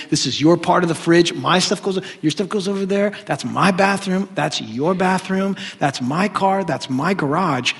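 A man preaching a sermon, an animated and joking storyteller. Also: a little high, vocal fry, breathy edge. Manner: animated, joking storyteller who often laughs. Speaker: pastor. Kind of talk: sermon with humorous stories. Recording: long hall reverb.

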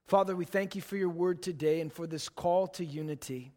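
A man in his late thirties, a pastor, preaching a sermon and telling stories in a relaxed, chatty way. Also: high-pitched, fairly quick, hardly any pauses. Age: late 30s. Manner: relaxed, chatty storytelling with laughs. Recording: long hall reverb.

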